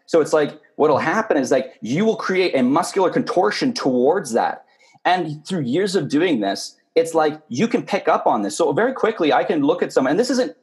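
A man's voice: fairly high pitch, a little mellow. A man in a casual podcast chat, talking in a thoughtful, rambling way with plenty of fillers.

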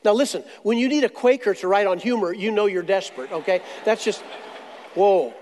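A man preaching a sermon, telling stories with jokes and slow, dramatic pauses. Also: high voice, a little mellow, a little hiss or hum. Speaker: pastor. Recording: long hall reverb.

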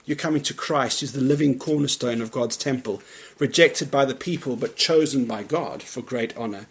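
A man's voice: mid-range voice, moderate pace. Earnest preaching man. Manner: earnest, emphatic preaching with soft laughs and quiet drops at phrase ends. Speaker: pastor. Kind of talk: sermon. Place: church.

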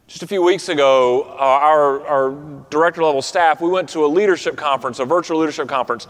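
A man preaching a sermon in an earnest tone, often dropping to a soft, quiet close on key words. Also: a little high, fairly quick. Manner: earnest, drops to soft quiet endings for emphasis. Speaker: pastor. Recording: reverberant hall.

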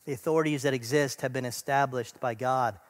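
A middle-aged man preaching a sermon, earnest, building to emphatic lists and then dropping to a soft, quiet close. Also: mid-range voice, fairly even intonation, fairly quick, long reverb tail. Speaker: pastor.

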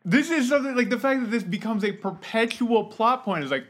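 A man's voice: very high-pitched, lively intonation, brisk, few pauses. A man co-hosting a podcast, chatting casually with wry, amused reactions. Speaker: podcast co-host. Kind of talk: casual chat.

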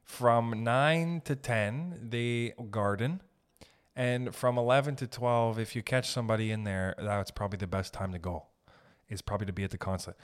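A man ranting on his own podcast, heated and foul-mouthed. He swings between grumbling and exasperated outbursts, tossing in mocking voices of the people he quotes. His voice sits at an ordinary male pitch. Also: fairly even intonation, smooth. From Canada. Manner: profane, heated ranting with quick acted quotes. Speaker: podcast host.

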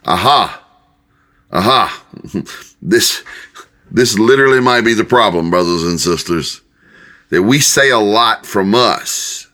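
An older man, a pastor and Bible teacher, preaching a conversational sermon in a folksy, halting way with many restarts. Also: fairly low pitch, animated, sharp tone.

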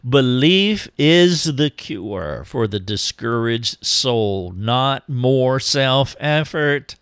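A man preaching a sermon, slow and deliberate, reading scripture aloud. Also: medium pitch, expressive, fairly bright tone, clean tone, no room sound, studio quality.

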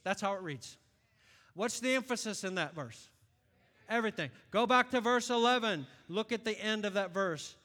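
A middle-aged man with a drawl preaches with a bright, ringing tone, climbing into shouted high-pitched peaks. His voice carries a long reverb that fills a church sanctuary. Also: lively intonation, moderate pace. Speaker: pastor. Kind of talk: sermon.

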